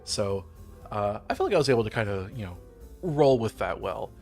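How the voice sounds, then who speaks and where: A man's voice: fairly low pitch, big pitch swings, brisk, a little mellow, soft background music. A young man chatting casually on his own livestream. He rambles, chuckles often, leans on fillers and makes self-deprecating asides. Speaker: streamer hosting his own channel.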